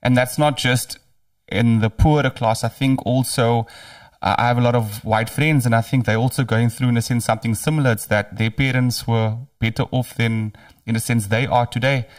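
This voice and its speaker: A man's voice: medium pitch, moderate pace, few pauses, distant mic. A man from Africa, hosting a casual podcast chat and often murmuring agreement. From South Africa. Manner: relaxed, frequent murmured agreement. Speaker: podcast host. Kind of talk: casual conversation.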